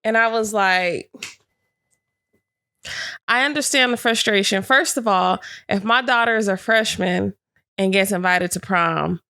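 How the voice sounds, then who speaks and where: A woman's voice: medium pitch, a little slow, pauses often, bright, forceful tone, smooth, no echo. Frank woman podcast co-host, dry close mic. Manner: reads captions, frank opinions. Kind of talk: casual chat.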